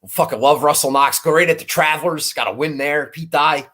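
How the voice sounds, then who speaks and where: A man's voice: on the high side, fairly even intonation, fairly quick, pushed and bright. A man hosting a golf betting show, talking casually in a rambling, profane, self-mocking way. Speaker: golf betting podcast host. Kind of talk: casual chat.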